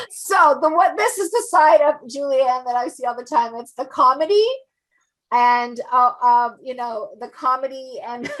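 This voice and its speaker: A woman's voice: high-pitched, normal speed, a bit bright. A woman hosting an online event, gushing and effusive, repeating her praise. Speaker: event host.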